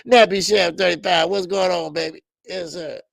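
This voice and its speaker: A man's voice: sits high, steady tone, normal speed, gravelly, dry recording, clean studio sound. A man hosting a casual boxing livestream, chatting animatedly, laughing a lot and greeting his chat in profane slang. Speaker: boxing show host.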